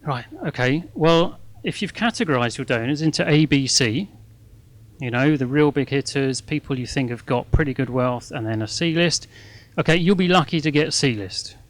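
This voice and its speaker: At a fundraising masterclass, a middle-aged guest speaker addresses a live audience in a medium-pitched voice at normal speed. He's chatty and self-mocking, checking in with "okay?" again and again.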